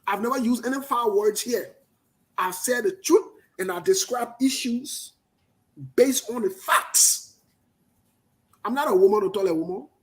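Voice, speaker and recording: A man with a Liberian accent giving emphatic political commentary, talking loudly and repeating his points. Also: high voice, unhurried, long pauses. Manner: forceful, emphatic, repetitive, passionate.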